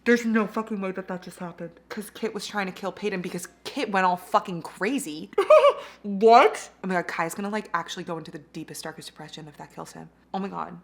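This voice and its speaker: A woman's voice: on the low side, fairly even intonation, fast talker, creaky. A young woman vlogging her reading, reacting emotionally and swearing freely. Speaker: book vlogger.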